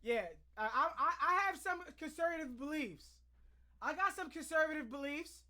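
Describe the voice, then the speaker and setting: A man's voice: very high voice, expressive, moderate pace, pushed and bright. A man hosting a reaction video, ranting in heated, profane commentary.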